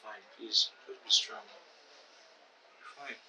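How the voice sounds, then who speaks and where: A man's voice: medium pitch, animated, normal speed, far from the mic, noisy background, lightly acted. A man, playing a young friend at a hospital bedside who speaks in a soothing, reassuring way. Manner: soothing, reassuring, repeats himself.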